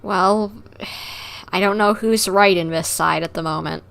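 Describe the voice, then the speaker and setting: A woman's voice: mid-range voice, unhurried, vocal fry, fairly bright tone. A woman streamer giving casual, chatty live commentary over a game, with lots of fillers and laughter.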